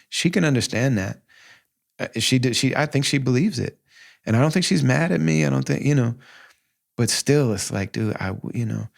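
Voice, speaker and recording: A man in his forties hosts his own podcast, telling a personal story in a loose, conversational way. His voice sits fairly low with a gravelly edge, and he keeps breaking into animated quotes of himself. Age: 40s. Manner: animated, heartfelt, quotes himself in lively asides. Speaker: podcast host. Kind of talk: casual storytelling monologue.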